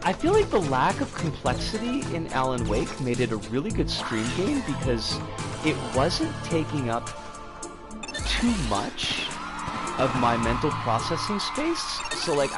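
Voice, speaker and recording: A man streaming a game and chatting casually with his viewers, rambling with frequent fillers. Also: mid-range voice.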